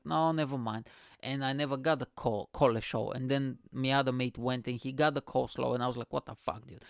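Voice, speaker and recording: A man's voice: medium pitch, gravelly, clear, resonant tone, no room sound, clean studio sound. A man, a podcast host, telling a long casual story in English, swearing freely and laughing often. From Bulgaria. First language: Bulgarian.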